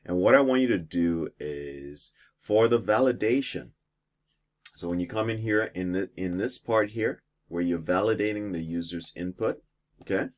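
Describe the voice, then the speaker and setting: A man with a very low, deep voice talks through a programming lesson on screen. He explains each step plainly, pausing with fillers now and then. Keyboard typing and mouse clicks sit faintly behind him. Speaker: teacher. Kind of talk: screen-recorded coding lesson.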